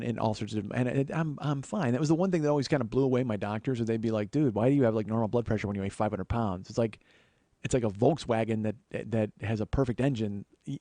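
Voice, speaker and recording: A man's voice: mid-range voice, a little mellow, dry recording. A man hosting a comedy podcast, telling a story as an exasperated, profane monologue. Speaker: podcast host.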